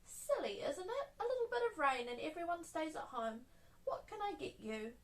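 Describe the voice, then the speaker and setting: A woman's voice: high-pitched, big pitch swings, normal speed, distant mic, voice pushed up. A woman putting on a chirpy rabbit shopkeeper, chatty and light in a raised voice. A picture-book shop lady with a friendly lilt.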